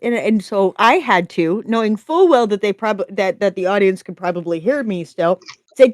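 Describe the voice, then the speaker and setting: Brief: excitable woman streamer, mid-pitched, dry close sound, giggly chat and story reading. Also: normal speed, no room sound. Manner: giggly and excitable, talks with her mouth full. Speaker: co-host of a writing prompt stream. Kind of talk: casual chat and reading stories aloud.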